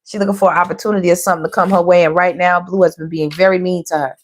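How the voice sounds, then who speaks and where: A middle-aged tarot reader talks with her viewers in a casual, animated way, calling them baby and girl and laughing often. Her voice is on the low side and she talks at a racing pace.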